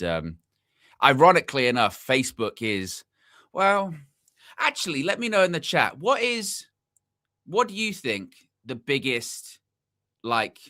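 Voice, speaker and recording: A man's voice: mid-range voice, sharp tone, dry recording, clean studio sound. A young man hosting a football channel's live stream, chatting casually, wandering off on tangents and repeating himself as he talks to the chat. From England.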